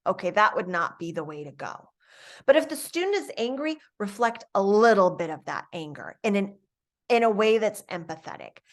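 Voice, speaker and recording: A middle-aged woman giving an instructional lecture on coaching students, calm and explaining step by step. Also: medium pitch, moderate pace.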